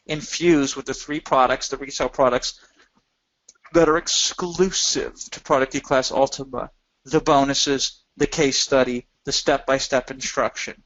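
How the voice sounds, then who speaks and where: A middle-aged man giving an energetic, emphatic sales pitch on a webinar, repeating phrases for effect. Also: highs cut off. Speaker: product seller on a marketing webinar.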